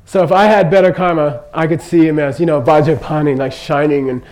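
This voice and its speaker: A man's voice: on the high side, steady tone, a little fast, a little mellow, low-quality recording. An older man giving an informal Buddhist teaching in a chatty, joking way, constantly checking in with his listeners. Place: teaching room in Kathmandu.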